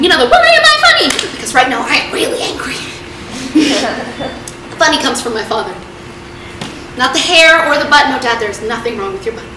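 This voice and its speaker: A seventeen-year-old girl performing a one-woman comedy show, ranting in an exasperated, self-mocking way. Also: high voice. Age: teens. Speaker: solo stage performer. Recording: echoey hall from far off, loud noise.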